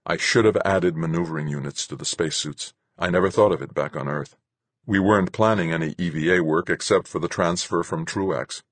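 A man with a husky voice giving a measured first-person audiobook narration. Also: low-pitched, dry recording.

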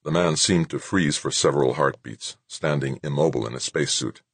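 A man reading a science fiction novel aloud in measured scripted narration, close to the mic. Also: very deep voice, creaky, slightly rough, no room sound. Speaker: audiobook narrator.

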